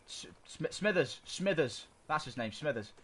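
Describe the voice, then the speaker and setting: With a slightly high voice, lively intonation, and a moderate pace, a man co-hosts a casual podcast. He argues opinions in a meandering way, regularly pausing for the right word. The desk-mic recording is noisy and amateur.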